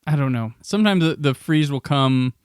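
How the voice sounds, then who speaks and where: A man hosting a podcast interview, talkative and animated when telling his own stories. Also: medium pitch, normal speed, clear, resonant tone, no room sound, clean studio sound. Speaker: podcast host. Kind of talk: casual interview chat.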